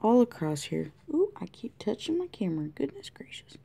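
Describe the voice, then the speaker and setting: A woman talking through a colored-pencil tutorial in a chatty way, thinking aloud and often dropping to a soft whisper. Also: medium pitch, big pitch swings, a little fast, gravelly, breathy edge. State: has the hiccups. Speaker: art tutorial host. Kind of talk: casual drawing tutorial narration. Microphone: camera mic close to the desk.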